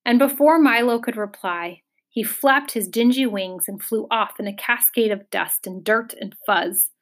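A woman reading a children's fantasy novel aloud in a measured, expressive storytelling voice. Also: a little high. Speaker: audiobook narrator. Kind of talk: scripted narration.

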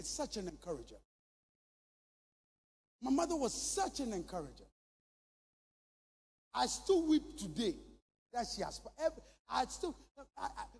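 A Ghanaian man preaching a sermon with impassioned, shouted bursts. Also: extremely high pitch, gravelly, slightly rough. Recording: long reverb in a large hall.

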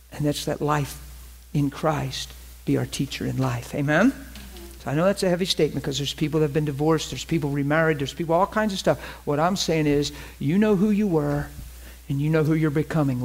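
A man's voice: a little high, gravelly, darkish tone. A middle-aged man preaching a sermon in a conversational way, acting out quotes from his own story.

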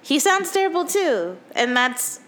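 A woman's voice: high-pitched, sing-song, measured pace, a bit bright. Giggly rambling woman in her thirties. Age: 30s. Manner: giggly, rambling, lots of fillers and restarts. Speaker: podcast co-host. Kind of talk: casual chat.

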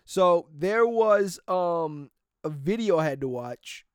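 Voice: medium pitch, expressive, slow pace, smooth, no room sound, clean studio sound. Rambling, laughing young American storyteller. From United States. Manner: rambling, laughs often, drifts off topic. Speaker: vlogger. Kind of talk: casual storytelling monologue.

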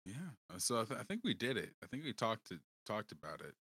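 A man co-hosting a podcast in casual chat, relaxed and slangy, laughing easily. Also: lowish voice, fast talker, husky, dry recording. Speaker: podcast co-host.

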